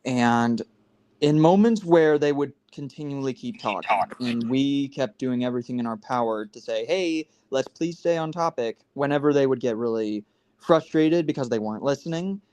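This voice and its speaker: A man's voice: mid-range voice, normal speed, a little mellow. A man in his twenties talks on a casual live stream over a video call. He rambles earnestly, circling back and restarting his sentences as he explains himself. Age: 20s.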